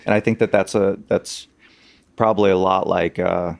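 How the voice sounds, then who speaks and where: A man's voice: deep voice, fairly even intonation, moderate pace, creaky, no room sound. A man, a podcast guest, telling army stories in a casual, hesitant way with many fillers. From Arizona. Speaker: podcast guest, political consultant. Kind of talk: casual storytelling.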